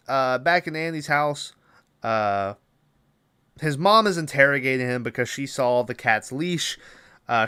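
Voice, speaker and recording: Male podcast host, mid-pitched, loose and swearing his way through a plot recap, lots of "uh" and "like". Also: pushed and bright, clean tone, no echo. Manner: rambling, profane, filler-heavy retelling. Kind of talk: casual movie recap.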